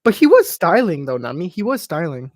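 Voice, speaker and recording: A man's voice: a little high, huge pitch swings, fairly quick, dry recording, studio quality. A man hosting a live watch party, riffing with crude, profane, mocking banter as casual reaction commentary.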